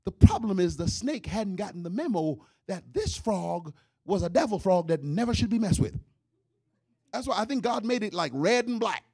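A man spinning a comic story, his voice high and swinging wildly up and down. There is a gravelly, husky grain under his loud outbursts, and he sounds close and dry. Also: moderate pace, dry recording. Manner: animated, with loud outbursts and laughs. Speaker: comedian. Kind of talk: comedic storytelling.

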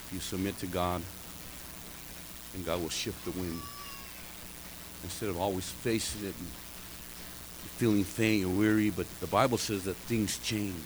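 A man's voice: low voice, noisy background. A middle-aged man preaching a sermon in a church, spinning humorous, rambling anecdotes between points. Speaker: pastor. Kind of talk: storytelling sermon. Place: church sanctuary.

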